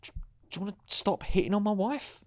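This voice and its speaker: A man's voice: sits high, a little fast, no room sound. A man co-hosting a podcast in chatty, rambling banter, swearing freely. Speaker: podcast co-host. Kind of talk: casual chat.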